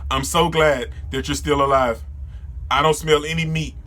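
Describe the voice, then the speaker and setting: A proud, cold young deer who leads a gang, read aloud by a man. The reading is plain, with a fairly high pitch and a very bright tone. It stays close to the reader's own voice. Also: fairly even intonation, normal speed. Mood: stern.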